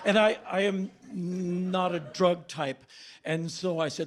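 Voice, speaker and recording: A man in his fifties telling a stand-up story on stage, with a deadpan, politely mock-formal delivery. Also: high-pitched, slow, background noise. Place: stage before a laughing audience.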